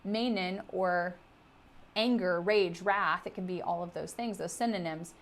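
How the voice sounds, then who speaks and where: A middle-aged woman giving a recorded literature lecture, explaining terms with steady emphasis on key words. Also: fairly low pitch, unhurried.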